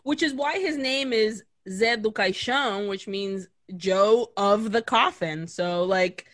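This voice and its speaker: A woman's voice: mid-range voice, slow. A woman co-hosting a podcast, recapping a film in casual chat, acting out lines and swearing freely. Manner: animated storytelling, acts out characters' lines; swears casually, laughs often. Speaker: podcast co-host.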